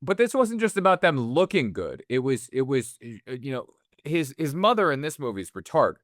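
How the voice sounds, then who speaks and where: A man's voice: medium pitch, sing-song, moderate pace, no room sound, studio quality. A man co-hosting a movie podcast, chatting casually and rambling, often acting out imagined lines from other people. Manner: rambling, acts out imagined quotes in voices. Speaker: podcast co-host. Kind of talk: casual film discussion.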